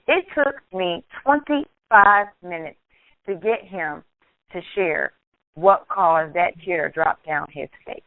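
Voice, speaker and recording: A woman's voice: medium pitch, measured pace, no echo. An earnest woman hosts a call-in radio discussion, telling a personal story with lots of restarts. Her voice sits in a mid register. It comes through a narrow, phone-like channel with no room sound at all. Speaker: radio talk show host. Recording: tinny phone-line sound, dry.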